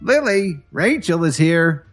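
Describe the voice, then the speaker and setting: A man's voice: fairly high pitch, wildly swooping pitch, moderate pace, breathy edge, soft background music, voice pushed up, exaggerated voice. A man voicing a domineering, scornful middle-aged mother who nags and talks down to people. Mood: insistent. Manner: nagging, contemptuous, loud.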